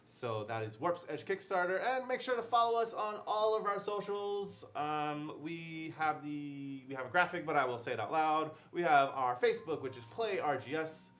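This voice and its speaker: A man's voice: fairly high pitch, animated, normal speed, few pauses, a bit bright. A young man hosting a casual livestream unboxing, chatty and upbeat, with fillers and laughs. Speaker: livestream host.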